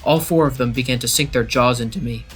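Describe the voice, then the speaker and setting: In a steady, measured manner, a mid-range male voice recounts a horror story in the first person from a script, with soft music faintly audible behind him.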